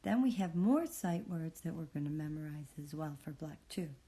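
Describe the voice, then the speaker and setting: A woman teaching a phonics reading lesson, patiently sounding out words and praising the learner in a soft, encouraging way. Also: sits low, animated, normal speed.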